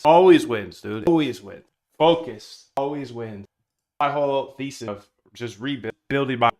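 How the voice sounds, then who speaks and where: Male streamer, casual and rambling, talks slang to his chat while coding, average pitch. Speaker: live streamer.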